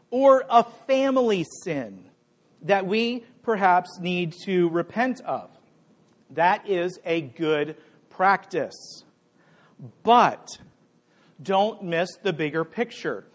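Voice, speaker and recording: A middle-aged pastor with a fairly high, light voice for a man. He preaches in a relaxed, playful way and jokes with the people in the pews. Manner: conversational, playful, jokes with the congregation. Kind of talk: sermon with a live demonstration.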